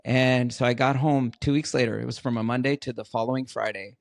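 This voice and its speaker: A man's voice: medium pitch, fairly even intonation, a little fast, creaky, no room sound, clean studio sound. A middle-aged man, a podcast guest, chatting casually and telling stories earnestly, repeating words for emphasis. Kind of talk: casual interview chat.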